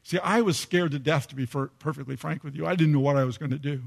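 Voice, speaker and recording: Older guy pastor, kinda high voice, storytelling sermon, acts out the quotes. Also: fast, gravelly. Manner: storytelling, repeats phrases for emphasis, acts out quotes.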